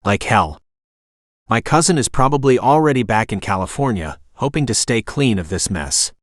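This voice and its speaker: A man's voice: on the low side, expressive, moderate pace, no echo, clean studio sound. Cornered violent male captor, read by an AI narrator, harsh and profane. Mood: threatening. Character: desperate cornered male sketch artist, vicious.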